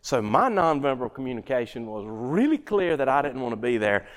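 A man's voice: mid-range voice, sing-song, fairly quick. A middle-aged man giving a workplace talk on communication. He tells folksy stories and asks the audience questions. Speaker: workshop speaker. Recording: hall with long reverb.

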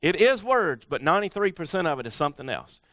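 A middle-aged man giving a folksy, animated motivational talk at a workshop, full of rhetorical questions. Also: fairly high pitch, fast, dry recording, studio quality. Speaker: speaker at a workshop.

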